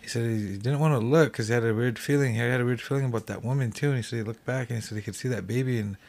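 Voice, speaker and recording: A man's voice: medium pitch, very fast, vocal fry, darkish tone. A young man from the Cheyenne Reservation telling a ghost story in a loose, rambling way as a podcast guest. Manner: rambling, full of "like" and "he said".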